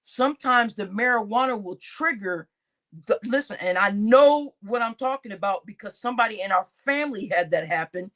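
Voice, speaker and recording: A woman's voice: medium pitch, normal speed. A woman hosting a casual livestream, chatting with her audience, laughing often and swearing as she reads comments. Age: adult, grown-up. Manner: animated, laughing, swearing, addresses chat as y'all. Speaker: livestream host.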